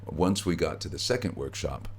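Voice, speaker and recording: A middle-aged actor, a guest in an interview, telling stories in a relaxed way with easy laughs, recorded backstage at a theatre. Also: male voice, extremely low pitch, normal speed, a little hiss or hum. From United States. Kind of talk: conversational interview.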